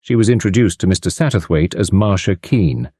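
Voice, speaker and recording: Man reading with mellow, lively delivery. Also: deep voice, fairly quick, breathy edge, dry recording. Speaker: audiobook narrator. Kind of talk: scripted narration. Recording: dry close studio sound.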